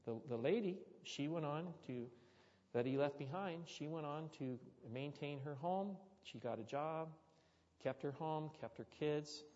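A male pastor preaching a sermon, telling a story with animated, sudden loud bursts, recorded muffled in an echoey church hall. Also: on the high side, unhurried.

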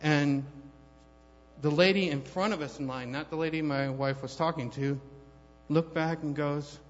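A man's voice: a little high, fairly even intonation, measured pace. Rambling man in a reverberant church hall. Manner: rambling, conversational, many fillers and restarts. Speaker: church member giving a testimony. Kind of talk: personal testimony told as a story. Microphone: handheld microphone held too far off. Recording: long hall reverb, dull lo-fi sound.

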